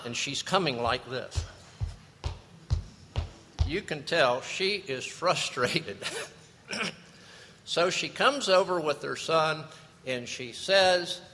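A male pastor preaching with a bright, animated voice that rises and falls through his story. He talks at an unhurried pace, and his words ring out with the long reverb of a large hall. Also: a little high. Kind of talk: sermon.

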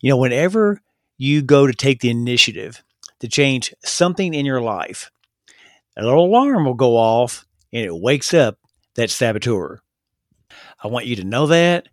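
A man hosting a solo motivational podcast, talking earnestly and excitedly, with stumbles and restarts. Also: mid-range voice, moderate pace, dry recording, clean studio sound. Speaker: podcast host.

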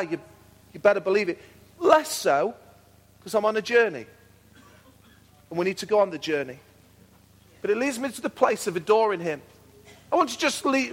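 A high-pitched man preaching in a church, earnest and repetitive, his phrases swelling into fervent declarations. His voice rings with a long reverb off the hall walls, and he often doubles back on a word before pressing on. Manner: earnest, repeats himself, builds to fervent declarations. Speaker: pastor. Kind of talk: sermon.

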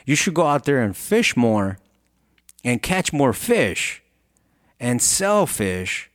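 A man's voice: medium pitch, big pitch swings, slow, no room sound, clean studio sound. A man doing a pushy suited businessman. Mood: insistent. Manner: insistent, lecturing, raised voice.

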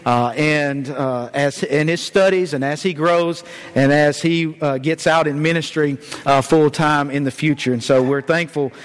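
High-voiced preacher in a reverberant church. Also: male voice, steady tone, unhurried, smooth. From Georgia, US. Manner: folksy storyteller, many "uh" fillers. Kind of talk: sermon. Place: church sanctuary.

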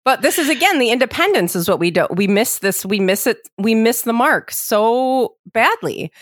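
A woman's voice: on the high side, moderate pace, no room sound, studio quality. A woman hosting a podcast, telling a long story casually with lots of filler words. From lived abroad as a teen, international school. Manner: rambling, many "like" fillers, animated retelling. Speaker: podcast host.

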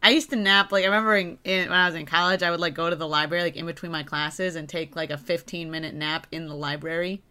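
A young adult woman co-hosting a casual podcast, animated and jokey, slipping into playful baby talk. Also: lowish voice, fast, few pauses, clear, resonant tone. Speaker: podcast co-host.

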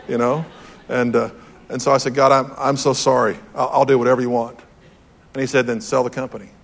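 A man preaching to a room, telling a personal story in an earnest, storytelling way and repeating his key phrases. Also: medium pitch. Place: church hall with audience.

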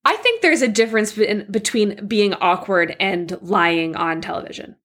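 A woman co-hosting a podcast in casual chat, easygoing, quick to laugh and blunt with her opinions. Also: medium pitch, a bit bright. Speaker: podcast co-host.

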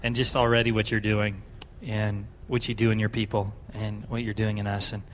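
A man's voice: fairly low pitch, flat delivery, normal speed, a little hiss or hum. A man leading a congregation in an earnest spoken prayer, repeating simple phrases. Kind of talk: public prayer. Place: church sanctuary.

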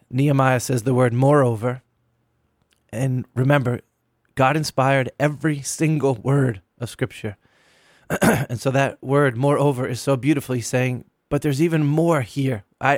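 A middle-aged man, a pastor, earnestly recounting a sermon he preached and slowing down to stress key words. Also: mid-range voice, dry recording, studio quality.

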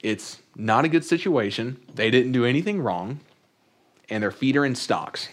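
Male pastor, middle pitch, chatty sermon with scripture readings and humor. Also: expressive, moderate pace. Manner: conversational with joking asides; reads scripture aloud.

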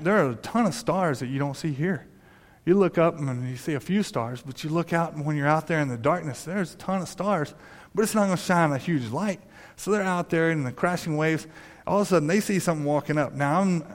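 A man preaching a sermon in a conversational way, often restarting his sentences and acting out quoted voices. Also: fairly high pitch. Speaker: pastor. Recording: long reverb of a hall.

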